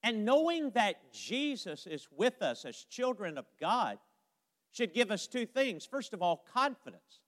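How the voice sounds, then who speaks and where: A man delivering a sermon in a high, slow-paced voice. He preaches emphatically, quotes old scripture and stretches out the ends of his phrases. His voice carries a long hall reverb. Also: sing-song, fairly bright tone.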